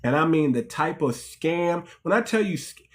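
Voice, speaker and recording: American man, middle-aged, casual livestream host, animated, slightly high voice, repeats himself. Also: normal speed. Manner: animated, repeats phrases, addresses audience as family.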